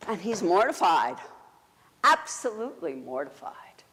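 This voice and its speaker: Brief: woman telling a story to a congregation, animated and halting, with long hall reverb. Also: mid-range voice. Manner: animated, hesitant with fillers. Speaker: church storyteller. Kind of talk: sermon storytelling. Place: church sanctuary.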